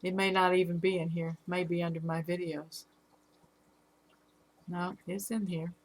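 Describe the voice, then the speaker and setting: A middle-aged woman with a Southern accent, hosting a casual live stream about her fish, halting often with fillers. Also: fairly low pitch, little pitch movement. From Alabama. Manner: rambling, halting with fillers, reads out chat comments.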